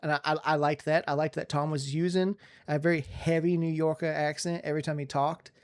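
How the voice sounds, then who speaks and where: A man co-hosting a casual podcast, reviewing a movie in an excited, rambling way with lots of restarts. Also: a little high, brisk, clean tone. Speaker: podcast co-host.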